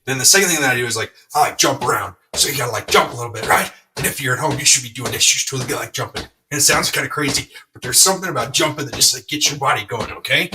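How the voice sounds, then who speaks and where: A middle-aged man hosting a podcast, telling a rambling, energetic story with lots of fillers. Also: medium pitch, very fast, few pauses, far from the mic, noisy background. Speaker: podcast host. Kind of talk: motivational podcast monologue.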